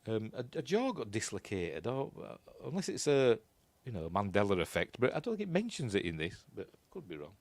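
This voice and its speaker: A man's voice: on the low side, wildly swooping pitch, a little fast, hardly any pauses, darkish tone, no echo. A man with a Yorkshire accent giving a casual, rambling commentary while watching a film, often unsure of himself and chuckling at his own asides. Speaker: film reviewer.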